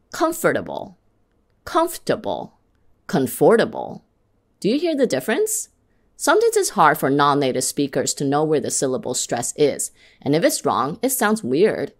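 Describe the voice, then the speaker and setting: A woman giving scripted instruction on English pronunciation, saying example words slowly and clearly to model them. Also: deep voice, huge pitch swings.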